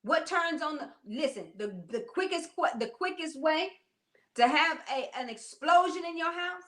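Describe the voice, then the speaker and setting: High, bright, emphatic woman co-host. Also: lively intonation, normal speed. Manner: emphatic, preachy, keeps saying "come on". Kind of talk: casual chat.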